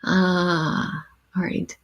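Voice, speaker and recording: A woman hosting a casual live stream, reading song lyrics and explaining their meaning with many pauses and "um"s. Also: on the low side, little pitch movement. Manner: thoughtful, pauses with many "um"s, reads lyrics aloud then explains.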